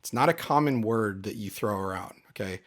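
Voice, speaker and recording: Low-voiced man, aggrieved and emphatic. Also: brisk. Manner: aggrieved, emphatic, repeats himself. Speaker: channel host. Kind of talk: casual commentary.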